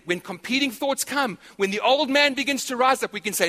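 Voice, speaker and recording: Male pastor, lively repetitive sermon delivery, bright tone, recorded in a reverberant church hall. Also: sits high, fairly quick, hardly any pauses. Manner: animated preaching with repetitions.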